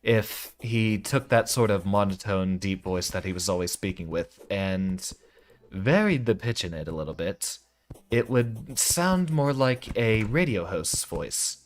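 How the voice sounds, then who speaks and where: A man streaming, explaining voice technique in casual talk, with a deep voice from the back of his throat and a melodic cadence that drops at sentence ends. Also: lively intonation, measured pace.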